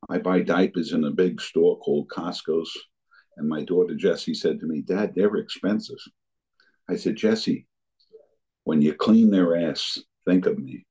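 A man's voice: low voice, warm tone, husky, rough recording. An older man telling his recovery story as a personal testimony, earnestly acting out remembered conversations. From New Jersey area.

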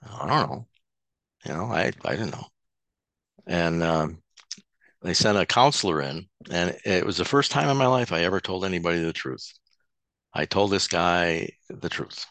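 A man sharing his personal testimony at a support meeting, halting and often restarting his words. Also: sits low, animated, fairly bright tone, dry recording. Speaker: recovery speaker at a support meeting.

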